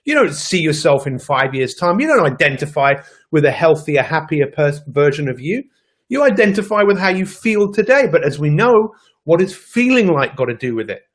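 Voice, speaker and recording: A man's voice: a little high, big pitch swings, normal speed. A man giving a live motivational talk as a life coach, addressing viewers directly with emphatic energy.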